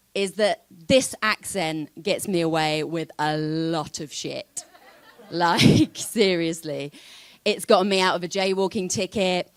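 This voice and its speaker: A woman's voice: on the low side, no room sound. Wry London woman doing stand-up. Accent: London English. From London, England. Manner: wry, self-deprecating, chatty. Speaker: stand-up comedian. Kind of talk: stand-up comedy set.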